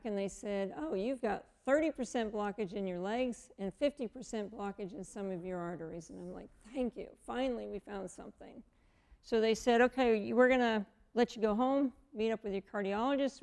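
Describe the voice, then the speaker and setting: Woman in her 50s, guest, gravelly mellow voice, animated storyteller who acts out the dialogue. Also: mid-range voice, normal speed. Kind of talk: personal testimony storytelling.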